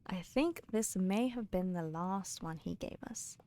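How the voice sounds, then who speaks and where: A woman's voice: on the low side, unhurried. Giggly British woman streaming a game. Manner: chatty and giggly, drops to soft mutters. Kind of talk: casual live-stream chat and reading books aloud.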